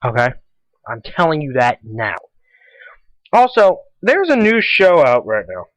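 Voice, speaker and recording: A man's voice: fairly high pitch, wildly swooping pitch, a little slow, a bit bright, dry recording, highs cut off. A teenage boy hosting a casual school radio show, rambling and repeating himself as he chats. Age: teens. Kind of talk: casual solo radio talk.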